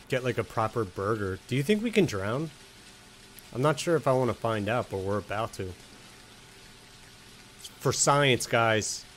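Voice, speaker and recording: A man's voice: mid-range voice, a little hiss or hum. A man casually commenting while playing a video game, joking with the characters and answering chat. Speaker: game streamer. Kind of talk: casual let's-play commentary.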